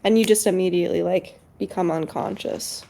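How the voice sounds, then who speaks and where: A woman's voice: on the low side, fairly even intonation, a little fast, vocal fry, mellow, a little hiss or hum. A woman chatting casually on a live stream, rambling with lots of fillers as she explains something. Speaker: co-streamer guest.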